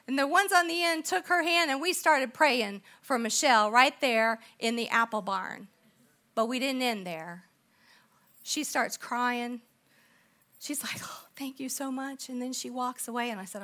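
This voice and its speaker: A middle-aged woman preaching a storytelling sermon, animated and acting out the people in her story, then dropping to soft, intense tones. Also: on the high side. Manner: animated, acts out quoted voices, drops to soft intense tones.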